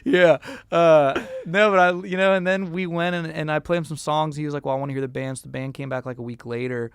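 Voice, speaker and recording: A man's voice: a little high, fairly even intonation, a little fast, clear, resonant tone, no echo, studio quality. A man in his thirties, a musician guest in a casual interview, who tells stories animatedly with many fillers and acted quotes.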